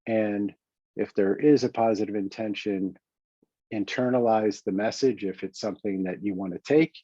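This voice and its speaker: A man with a New York accent talks through coaching exercises in a calm, reflective manner, often pausing and restarting. His voice sits low and mellow. The recording is dry and a little dull. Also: breathy edge, no room sound. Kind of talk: self-help teaching talk.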